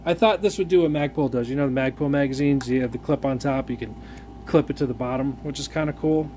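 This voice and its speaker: A man's voice: mid-range voice, fast talker, a little mellow, a little hiss or hum. A man giving a casual, profanity-laced vlog rant with rambling restarts and fillers, like someone telling a story about a frustrating purchase. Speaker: gun vlogger.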